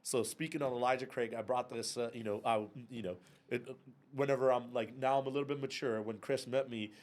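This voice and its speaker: A man's voice: mid-range voice, a little fast. A man in his thirties, a podcast guest, telling a long story casually and animatedly, swearing and laughing along the way. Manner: animated, profane, laughing through his anecdotes. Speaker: podcast guest, whiskey club and bar owner.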